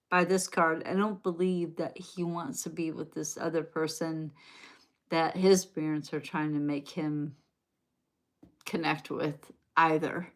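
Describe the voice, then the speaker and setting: Southern woman, live tarot reader, low and slow, chatty and meandering. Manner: rambling, chatty, talks directly to viewers. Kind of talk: live-stream tarot reading.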